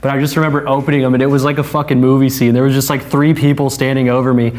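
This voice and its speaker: Male interview guest, a barber, mid-range voice, relaxed and profane, laughs while recounting the story. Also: mid-range voice, racing. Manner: laid-back, laughing, swears often, frequent fillers. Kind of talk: casual conversation.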